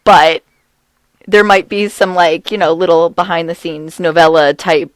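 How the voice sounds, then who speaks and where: Middle-aged woman co-host, low-ish voice, giggly storyteller, dry close mic. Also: steady tone, a little slow, no echo. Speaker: podcast co-host. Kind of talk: casual chat.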